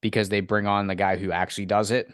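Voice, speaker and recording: A man's voice: on the low side, little pitch movement, quick pace, dry recording, clean studio sound. A man co-hosting a golf podcast, speaking bluntly in short clipped answers with plenty of swearing. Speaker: podcast co-host. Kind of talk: casual chat.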